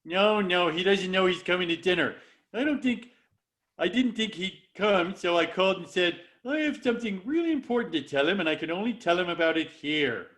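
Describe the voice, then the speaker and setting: A man voicing a dim-witted, cheerful cartoon dad in a table read, goofy and excitable. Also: high-pitched, fairly quick. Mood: excited.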